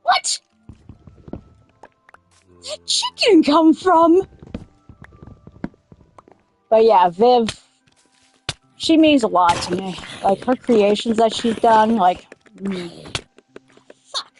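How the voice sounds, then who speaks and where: High-voiced woman gaming, swings up and down a lot, cursing at the game and going off on goofy tangents. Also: lively intonation, slow pace, pauses often, a little mellow, soft background music. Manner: swears a lot, blurts angry outbursts at the game; rambling, drifts into silly riffs. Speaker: gaming streamer. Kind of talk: casual let's-play chat.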